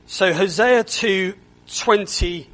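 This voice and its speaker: A man preaches a sermon with a high voice, pacing his words slowly and deliberately. He sounds earnest and doubles back on words as he presses each point home. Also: a bit bright, rough recording. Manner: earnest, repeats words when stressing a point.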